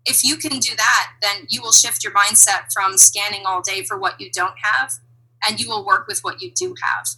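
A woman talking as an interview guest, reflective and animated, laughing now and then. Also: medium pitch, normal speed, slightly rough, rough recording. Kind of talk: conversational interview.

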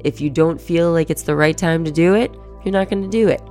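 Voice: mid-range voice, brisk, a little mellow, soft background music. A podcast host giving a casual, profane motivational monologue and acting out everyday inner thoughts.

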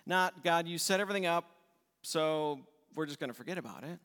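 Pastor guy preaching, kinda high voice, lots of hall echo, leans hard on repeated words. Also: a little fast, fairly bright tone. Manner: emphatic, repeats key words in lists. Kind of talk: sermon. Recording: long reverb in a church hall.

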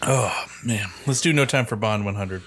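A man's voice: fairly low pitch, moderate pace, fairly bright tone. A man playing a movie trivia game with friends, laughing at himself and his own mistakes. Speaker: quiz player. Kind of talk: casual chat.

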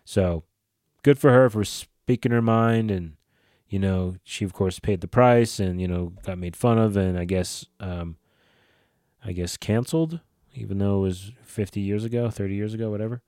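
A man's voice: on the low side, normal speed, a little mellow, no echo, studio quality. A man in his forties hosting a solo podcast, talking casually and rambling, with plenty of swearing, fillers and restarts. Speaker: podcast host.

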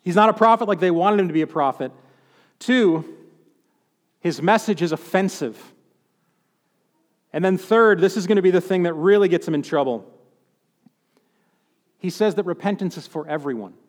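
Male preacher, high voice, chatty sermon with wry asides; long hall reverb. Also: moderate pace, long pauses. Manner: conversational, with joking asides.

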